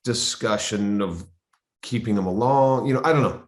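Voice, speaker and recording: A man who is a guest actor, telling stories in an interview, animated and acting out the voices he quotes. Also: fairly low pitch, normal speed. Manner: animated, acts out quoted voices, frequent restarts. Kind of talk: interview storytelling. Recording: roomy, echoey sound.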